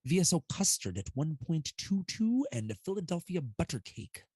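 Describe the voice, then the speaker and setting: A man's voice: fairly high pitch, very animated, normal speed, a little mellow, breathy edge, no echo. A man co-hosting a casual livestream, talking loosely and profanely and laughing often. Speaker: livestream co-host mixing e-liquids.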